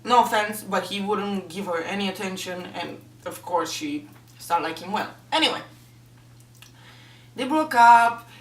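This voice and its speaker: A woman's voice: mid-range voice, lively intonation, measured pace. A woman reviewing a book in a casual vlog, talking in a chatty, emotional way with lots of fillers. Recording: echoey room, mic at a distance.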